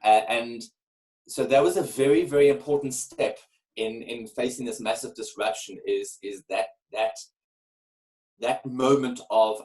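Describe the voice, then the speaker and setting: A man in his forties telling a candid personal story as a podcast guest, earnest and animated, often repeating words as he starts a phrase. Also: mid-range voice, a little slow, low-quality recording. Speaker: guest, keynote speaker.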